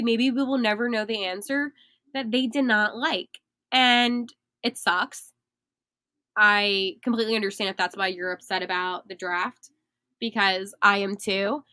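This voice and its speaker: A young woman hosting a sports podcast, animated and emphatic, laughing at herself now and then. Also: on the high side, a little slow, no echo. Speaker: podcast host. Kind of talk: excited sports podcast talk.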